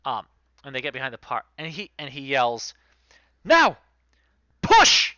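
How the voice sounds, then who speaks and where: A man narrating as game master in an animated, lively storytelling manner. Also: mid-range voice, brisk, no room sound, highs cut off.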